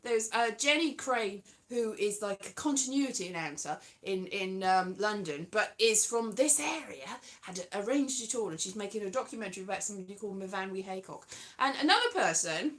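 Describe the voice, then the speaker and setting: A woman's voice: mid-range voice, animated, fairly quick, fairly bright tone. A woman rambling in a casual monologue, chatty and self-deprecating, sometimes slipping into a sing-song tone. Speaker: vlogger.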